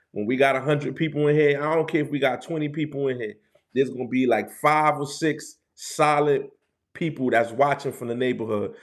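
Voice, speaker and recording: Bronx guy on a livestream, new york accent, street slang, says stuff twice. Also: mid-range voice. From New York City, the Bronx. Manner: loose, street slang, repeats phrases. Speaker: livestream host. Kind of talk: casual livestream chat with viewers.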